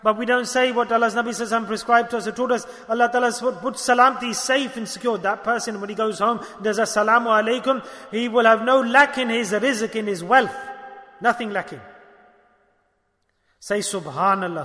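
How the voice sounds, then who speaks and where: A man preaching a sermon, animated, questioning his listeners and acting out dialogues. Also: sits high, a little fast, big-room sound.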